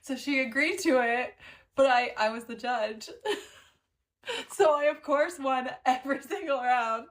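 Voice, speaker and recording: A woman's voice: high-pitched, unhurried. A young woman from Canada hosting a livestream, telling a story with lots of giggling and thanking viewers between lines. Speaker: livestream host. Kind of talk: casual livestream chat.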